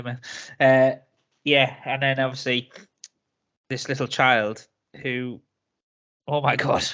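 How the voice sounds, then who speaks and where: A man's voice: medium pitch, unhurried, long pauses, bright, forceful tone, dull audio. A man chatting casually on a film podcast, recapping scenes with laughter and swearing. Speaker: podcast co-host.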